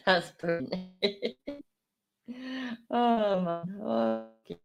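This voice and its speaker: A woman's voice: on the low side, big pitch swings, drawn-out words, vocal fry, long pauses, faint music behind. A woman hosting a live stream, reacting to a video with blunt, sarcastic commentary and plenty of swearing. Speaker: livestream host reacting to a video.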